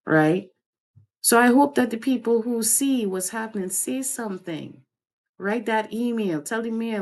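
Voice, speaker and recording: A woman hosting a livestream, giving fiery, preachy commentary and swinging her pitch up and down as she speaks. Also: moderate pace. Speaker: host.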